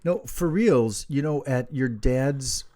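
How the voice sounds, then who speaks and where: A man's voice: medium pitch, slow. A middle-aged man co-hosting a podcast, joking and laughing in casual chat. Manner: jokey, animated, laughs often. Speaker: podcast co-host.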